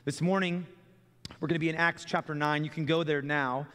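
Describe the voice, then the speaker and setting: Young guy pastor talking sermon, kinda high voice, echoey church hall, chatty and stumbly. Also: fairly even intonation, fairly quick, fairly bright tone. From Texas. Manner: conversational, repeats words when starting phrases. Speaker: student ministry pastor. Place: church sanctuary. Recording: long reverb of a church hall.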